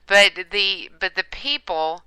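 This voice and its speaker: A woman hosting a political talk show, leading the conversation briskly and setting up clips. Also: medium pitch, animated, a loud crowd, low-quality recording.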